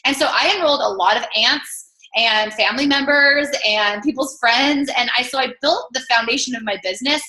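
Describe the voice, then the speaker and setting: Bright-voiced woman telling her story. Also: a little high, moderate pace, roomy sound, low-quality recording. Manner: lively storytelling, acts out quoted dialogue. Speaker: business testimonial speaker. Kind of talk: personal success story.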